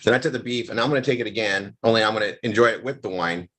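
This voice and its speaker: A man's voice: lowish voice, very fast, pushed and bright. A man hosting a casual live chat, tasting food and wine and rambling with many restarts. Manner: rambling, restarts often, savoring food aloud. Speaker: host.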